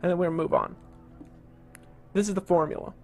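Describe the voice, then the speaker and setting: A man's voice: high-pitched, huge pitch swings, fast, creaky, a little mellow, faint music behind. A middle-aged man hosting a live marketing webinar, talking in a pushy salesman's way and scolding a complaining attendee. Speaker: webinar host.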